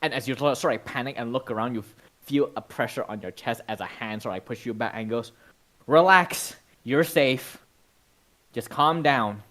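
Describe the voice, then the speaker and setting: A man's voice: medium pitch, steady tone, racing, few pauses, low-quality recording. A man narrating a tabletop role-playing game as game master, in a casual, descriptive way with lots of "sort of, like".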